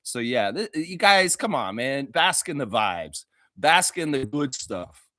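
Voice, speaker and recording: A young man hosting a casual fan show, excitable, laughing often and mimicking others in high squeaky voices. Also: slow, no room sound, studio quality. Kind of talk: casual fan talk stream.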